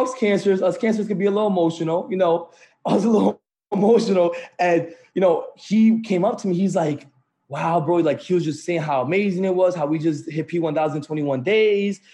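A man's voice: a little high, dark tone. A man hosting a morning group call, giving an upbeat motivational talk over a video call, repeating phrases and checking in with the audience. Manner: upbeat, repetitive, keeps saying "right?" and "family".

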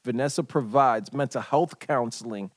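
A man with a Haitian accent, a podcast co-host chatting casually who laughs often and reads an introduction a bit haltingly. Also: mid-range voice, dry recording.

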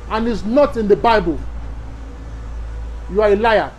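A man's voice: sits high, measured pace, darkish tone, a little hiss or hum, poor audio. A man from Nigeria with a Nigerian accent, a pastor giving an emphatic teaching sermon to other pastors, repeating key phrases and asking rhetorical questions.

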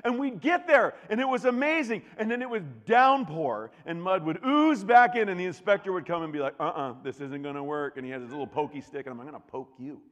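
A middle-aged male pastor preaching with animated storytelling and swings of pitch and loudness. His voice sits a little high for a man. The sound rings with the long reverb of a large hall. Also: fast, hardly any pauses, dull audio. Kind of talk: sermon.

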